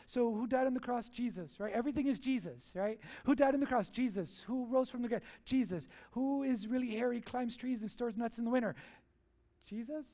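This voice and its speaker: A man's voice: very high-pitched, brisk, few pauses, dark tone. A man preaching a sermon as pastor in a church, playful and jokey, asking the crowd questions and answering them.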